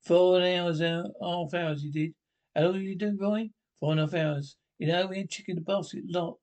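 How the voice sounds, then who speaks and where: A man's voice: high-pitched, fairly even intonation, fairly quick, a little mellow, close to an everyday voice. An actor playing a chatty middle-aged holidaymaker man who rambles and keeps checking with his partner. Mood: gossipy. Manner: rambling, keeps asking Roy to confirm. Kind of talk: sketch comedy acting.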